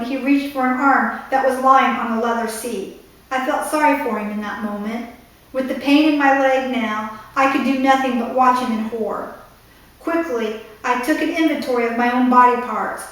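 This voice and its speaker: A woman author reads her own novel aloud and breaks off now and then to explain the story in asides, recorded in an echoey room from a distant mic. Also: fairly high pitch.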